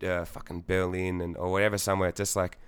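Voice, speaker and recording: A man's voice: deep voice, little pitch movement, fast, smooth. A young Australian man, a singer in a band, chatting casually in an interview, rambling with lots of fillers, swearing and laughing.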